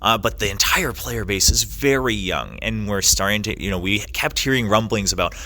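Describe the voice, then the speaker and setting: A man's voice: fairly low pitch, moderate pace, bright, forceful tone. A young man, an esports caster, answering interview questions thoughtfully with many fillers and restarts.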